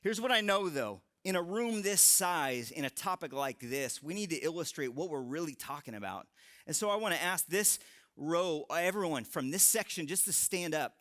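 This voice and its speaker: A man in his thirties giving a live sermon to a young adult crowd in a large room, telling stories with animated humor. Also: a little high, normal speed. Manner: animated, joking storytelling. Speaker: young adult ministry speaker.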